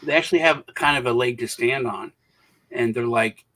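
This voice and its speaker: A male podcast host at an ordinary middle pitch talks loosely over a call mic. He rambles and acts out the people in his stories with lively voices. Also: normal speed, recorded from a distance, rough recording. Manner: rambling, retells stories with animated quoted voices. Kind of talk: casual panel chat.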